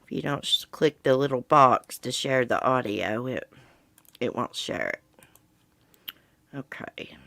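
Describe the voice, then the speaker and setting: A woman host with a low voice talks casually, reading news items aloud and then cutting in with blunt, sarcastic remarks. Her voice is close and dry, with no room sound at all. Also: animated, unhurried, creaky, long pauses, a bit bright, dry recording.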